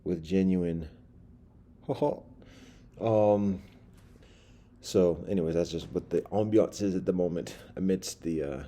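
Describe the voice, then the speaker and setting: A man's voice: sits low, steady tone, normal speed, mellow. A man telling a rambling story in a dim candlelit room, wordy and full of fillers and restarts.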